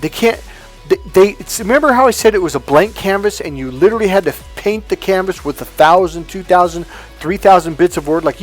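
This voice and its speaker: A man coaching men on relationships in an emphatic, profane monologue, acting out both sides of arguments. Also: high-pitched.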